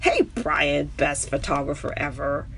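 A woman with a New York accent, a stand-up comedian chatting casually with viewers on her own live stream, animated, with her voice jumping high when she gets excited. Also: measured pace, gravelly, breathy edge. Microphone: webcam or phone on a live stream.

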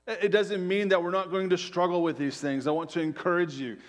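A middle-aged male pastor preaching a conversational sermon, peppered with "right?" asides and dropping to a soft hush on key phrases. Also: high voice, fairly even intonation, fairly quick. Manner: drops to quiet, soft emphasis on key phrases.

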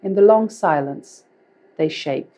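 Low-voiced woman reading her fiction. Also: slow pace, dark tone. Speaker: author. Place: public library, indoors.

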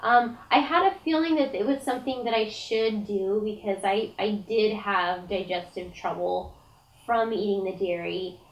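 A woman's voice: medium pitch, normal speed, highs cut off. A young woman chatting casually to camera as a diet vlogger, with lots of fillers and restarts, and her voice is wearing out. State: losing her voice. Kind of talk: casual vlog talk to camera.

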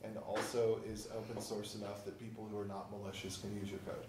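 A man's voice: fairly low pitch, little pitch movement, fast talker, background noise. A man in a meetup audience, chatting casually and teasing the presenter with firm opinions. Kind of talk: casual chat. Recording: echoey room with a crowd.

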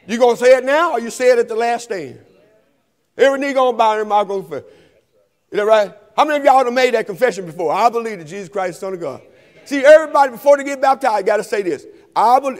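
A man preaching an altar-call sermon in a church, calling to the congregation and rising to shouts. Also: very high-pitched. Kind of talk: sermon invitation. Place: church sanctuary. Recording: long reverb of a church hall.

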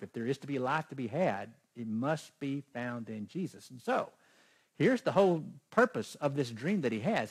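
A man's voice: mid-range voice, breathy edge. A man preaching a sermon as pastor, emphatic and putting questions to the congregation.

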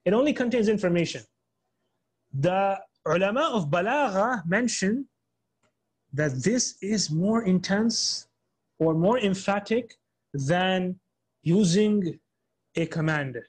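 A man teaching an Islamic studies lesson in English, explaining step by step with many repeats and restarts, and reading quotations quickly. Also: high-pitched, lively intonation, husky. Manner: reads Arabic quotations quickly, then translates into English. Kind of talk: online class lecture.

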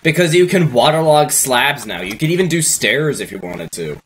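A man's voice: medium pitch, animated, moderate pace, fairly bright tone, a little hiss or hum, rough recording. A man hosting a let's play, chatting casually and thinking aloud as he builds. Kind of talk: casual gameplay chat.

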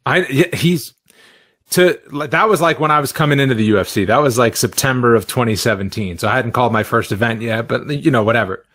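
A sports commentator co-hosting a podcast, chatting in a relaxed way with lots of fillers. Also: male voice, medium pitch, fast, no room sound. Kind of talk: casual podcast chat.

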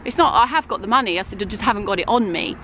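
A woman telling a story in a casual vlog chat, animated and acting out what people said. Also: medium pitch, rapid-fire, a little hiss or hum, rough recording. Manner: animated storyteller, acts out quotes. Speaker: vlogger. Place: outdoors at a snowy resort.

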